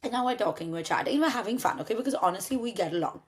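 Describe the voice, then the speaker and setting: A woman's voice: mid-range voice, expressive, racing. A young woman from India, telling a dating story in casual chat, acting out both sides of the dialogue and swearing casually. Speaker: podcast host telling a story.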